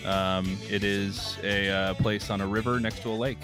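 A man's voice: lowish voice, fairly even intonation, moderate pace, music in the background. A man co-hosting a podcast over a video call, easygoing and meandering, with dry jokes. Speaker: podcast co-host.

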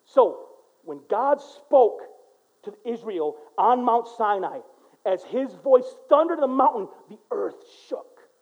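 A man preaching a sermon in a casual, animated storytelling way, dropping to a hush and then rising to loud bursts. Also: very high voice, slow, husky, dull audio. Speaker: pastor. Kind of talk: sermon with personal stories.

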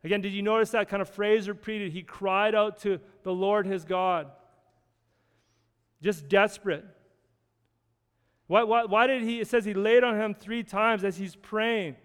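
A man preaching in a high, smooth, resonant voice, earnest and conversational, circling back over his phrases as he works through scripture. His words ring out with a long reverb, as in a large hall. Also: fairly even intonation, a little slow, pauses often. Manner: conversational, earnest, with frequent restarts and scripture readings. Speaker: pastor. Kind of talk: sermon.

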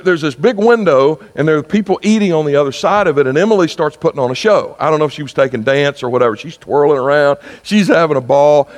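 A man, preaching a sermon in a conversational storytelling style that builds to fervent exhortation. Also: on the high side. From South Carolina. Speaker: pastor. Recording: long reverb with mains hum.

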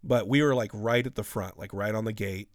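A man's voice: lowish voice, fairly quick, no echo, clean studio sound. A man in his thirties telling rambling, profane stories in a casual podcast chat.

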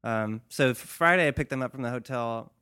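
Smooth-voiced man, rambling casually. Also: mid-range voice, a little fast, pushed and bright. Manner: rambling, many fillers, dry sarcasm. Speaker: podcast co-host. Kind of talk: casual chat.

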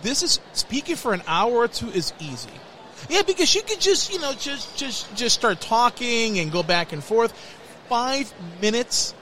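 A man hosting a chatty podcast with a high, very lively voice. He tells stories with animation and breaks into laughter often. A relaxed, conversational delivery. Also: moderate pace, a little hiss or hum. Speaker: podcast host. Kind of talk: casual chat.

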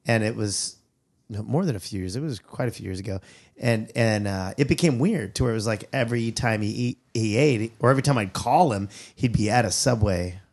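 A man's voice: on the low side, fairly quick, darkish tone. A man hosting a comedy podcast, chatting casually and rambling, breaking into silly quoted voices. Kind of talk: casual chat.

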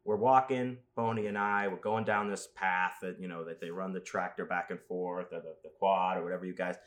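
Rambling low-voiced man telling stories. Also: fairly quick. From Las Vegas. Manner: rambling storyteller, animated asides, crude jokes. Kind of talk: casual chat.

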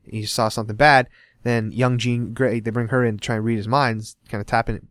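A young man talks through a comic storyline in a loose, casual chat. He gets animated and jumps into the characters' lines as he retells the plot. His voice is close and dry, with no room around it. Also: mid-range voice, fairly quick, dry recording. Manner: animated, acts out characters' lines while recapping.

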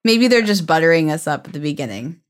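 A woman's voice: deep voice, lively intonation, quick pace. Upbeat chatty woman podcast host. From United States. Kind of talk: casual podcast chat.

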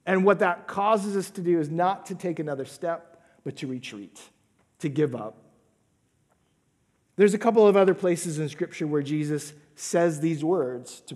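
A man preaching a sermon, swinging between loud emphatic lines and hushed, whispered asides. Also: on the high side, long reverb tail. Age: adult father of a young son. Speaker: pastor.

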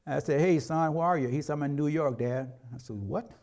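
A man's voice: fairly high pitch, brisk, darkish tone. A middle-aged man preaching a sermon as a pastor, in a conversational way, acting out quotes from everyday life.

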